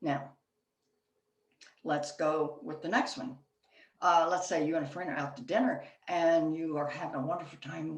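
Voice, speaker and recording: Speaking in a deep voice, a woman presents on workplace leadership at a chapter meeting, telling stories conversationally with lots of fillers. She sounds far from the mic in an echoey room.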